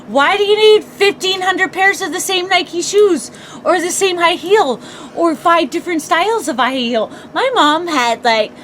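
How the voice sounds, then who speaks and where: A woman's voice: extremely high pitch, lively intonation, a little slow, a bit bright, a little hiss or hum. A woman co-hosting a casual morning podcast, chatty, laughing often and asking rhetorical questions. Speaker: podcast co-host.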